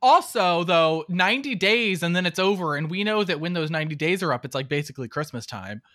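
A sarcastic podcast co-host roasting a movie and acting out exasperated reactions. The voice is bright and bouncy, swinging widely in pitch. It is recorded dry and close. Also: lively intonation, brisk, dry recording. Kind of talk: casual movie recap chat.

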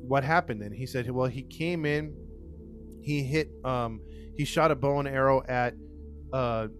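A man casually retelling a crime case to co-hosts, acting out the quotes with lots of fillers and restarts. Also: medium pitch. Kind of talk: casual storytelling chat.

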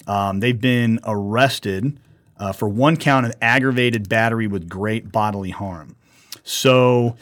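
A man co-hosting a casual podcast, swearing a lot and acting out what people said as he tells a story. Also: medium pitch. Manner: animated storytelling, acts out quotes, swears often. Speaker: podcast co-host. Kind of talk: casual profane podcast chat.

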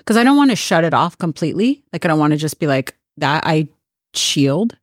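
A woman speaking casually, relaxed, as a host and medium. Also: low voice, fairly quick, dry recording, clean studio sound. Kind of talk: casual conversation.

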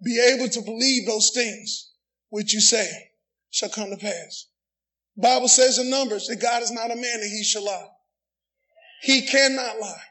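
Middle-aged pastor, a man with a very high, forceful voice who preaches loud and pushes for call-and-response. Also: measured pace, poor audio. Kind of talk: sermon.

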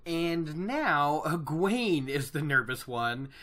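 A man's voice: on the high side, big pitch swings, takes it slowly, pushed and bright. A man hosting a casual podcast, retelling a story chapter in a chatty, digressive way. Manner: chatty, digressive, full of fillers and laughs. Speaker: podcast host recapping a book. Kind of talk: casual chat.

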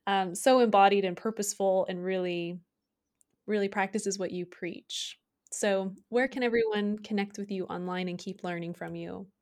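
A woman's voice: mid-range voice, steady tone, moderate pace, darkish tone. A woman hosting an interview, who sums up and thanks her guest in an appreciative, affirming way. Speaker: host. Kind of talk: casual interview.

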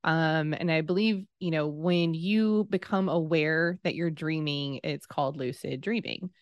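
Woman, 30s, casual storytelling, animated, dry close sound. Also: deep voice, a little slow, no echo, muffled recording. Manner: animated, acts out quoted dialogue.

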